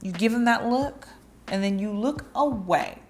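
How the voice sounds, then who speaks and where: A woman's voice: medium pitch, expressive, measured pace, a little hiss or hum. Playful chatty woman giving dating advice. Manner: chatty and playful, acting out little flirty quotes. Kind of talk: casual advice talk to camera.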